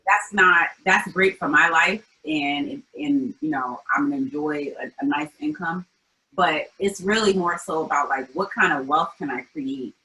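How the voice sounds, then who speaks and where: Low-voiced, bright-toned woman guest from Albany. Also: expressive, unhurried, rough recording. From Albany, New York. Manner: thoughtful, frank, with many fillers. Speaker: interview guest, founder. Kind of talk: casual conversational interview.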